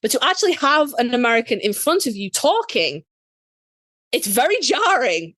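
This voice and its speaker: Lively Yorkshire woman telling a story. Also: a little high, normal speed, no room sound. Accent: Yorkshire English. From Yorkshire, England. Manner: animated, swears freely, acts out quotes. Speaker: podcast co-host. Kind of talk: casual storytelling chat.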